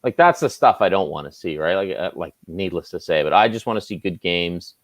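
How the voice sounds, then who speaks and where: Chatty Maritime Canadian man, lowish voice. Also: fairly quick, no echo. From Nova Scotia, Canada. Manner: relaxed, chatty, self-deprecating. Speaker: guest, sports anchor. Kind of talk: casual interview chat.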